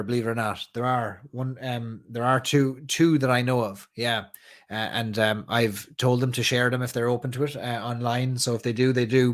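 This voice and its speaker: Irish guy from cork chatting on a late-night live stream, rambling and easygoing, sounds a bit tired, mid-pitched. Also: steady tone, normal speed. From Ireland. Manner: rambling, chatty, reads viewer comments aloud. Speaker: whiskey club host. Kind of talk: casual live-stream chat.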